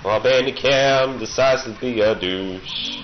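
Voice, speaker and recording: A man's voice: mid-range voice, measured pace. A man with a cold giving casual, sarcastic gameplay commentary and playfully taunting the enemies he fights. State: has a cold. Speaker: let's play gamer. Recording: dull lo-fi recording with faint hiss.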